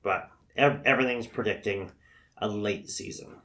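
A man co-hosting a casual firefighter podcast, talking in an easygoing, halting way with fillers. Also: on the low side, a bit bright. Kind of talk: casual chat.

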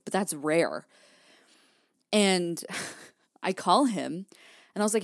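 A woman's voice: fairly low pitch, unhurried, pauses often, no room sound, studio quality. A young woman hosting her own podcast, telling a personal story candidly, swearing freely and acting out her past thoughts. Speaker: podcast host.

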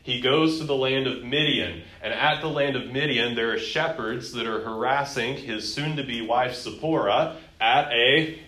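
A man's voice: medium pitch, unhurried, reverberant, poor audio. A man teaching a Bible lesson to a class, asking questions and acting out the quotes. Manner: lively, quizzing students and acting out quotes.

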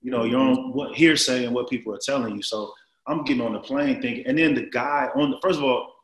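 A man's voice: mid-range voice, fast, a crowd in the background. Slangy man telling a story, echoey room. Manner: animated, slangy, lots of "like" and "man". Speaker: guest. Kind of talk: casual storytelling. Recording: roomy echo.

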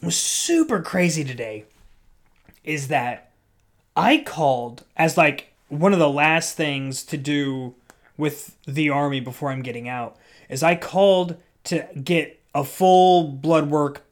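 A young man talking casually on his own, rambling with frequent restarts and growing animated when something excites him. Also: a little high, a little slow. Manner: rambling, many restarts and self-corrections. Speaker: podcaster leaving the military. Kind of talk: casual solo monologue.

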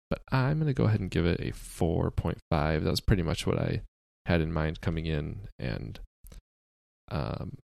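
A deadpan American podcast host with a very low, gravelly voice. He talks in dry, sarcastic asides and stops often with fillers. The recording is close and dry. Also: no echo. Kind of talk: casual chat.

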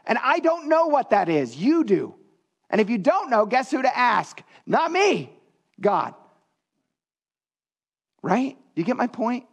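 High-voiced earnest male pastor. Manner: earnest, conversational preaching. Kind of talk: sermon.

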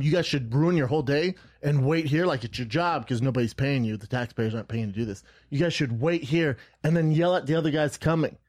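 A man telling a long story with lots of swearing, acting out both sides of an argument. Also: mid-range voice. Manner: excitable, profane, acts out both sides of the argument. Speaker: podcast guest. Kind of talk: animated profane storytelling.

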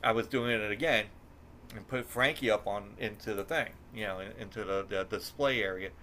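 A man's voice: fairly low pitch, normal speed, slight background noise. A man hosting a podcast, telling a rambling, profane story in casual chat. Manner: rambling, profane, animated when telling stories. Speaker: podcast host.

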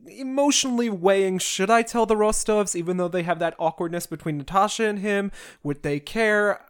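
A podcast host walks through a long classic novel in a loose comedic recap. The delivery is mid-pitched and chatty, and it breaks off often for sarcastic asides and roast jokes.

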